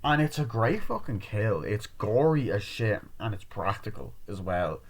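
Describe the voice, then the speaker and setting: A man's voice: lowish voice, sing-song, measured pace. Rambling, profane male movie reviewer. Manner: rambling and profane, with many restarts. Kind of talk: casual spoken movie review.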